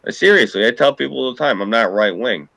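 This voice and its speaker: A man's voice: medium pitch, expressive, fast talker, vocal fry, bright, forceful tone, no room sound. A man with a New York accent in a casual political chat, talking bluntly and with plenty of profanity.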